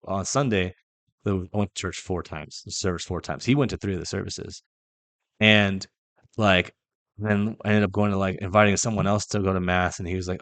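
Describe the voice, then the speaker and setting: A man's voice: low-pitched, dry recording. A young man hosting a casual faith podcast, telling a personal story in a rambling, candid way, with restarts, casual swearing and quoted conversations. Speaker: podcast host.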